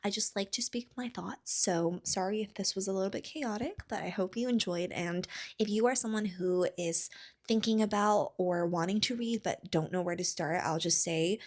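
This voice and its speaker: A woman's voice: lowish voice, a little mellow. A woman in her thirties, a book vlogger chatting casually to camera in a rambling way with lots of fillers. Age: 30s.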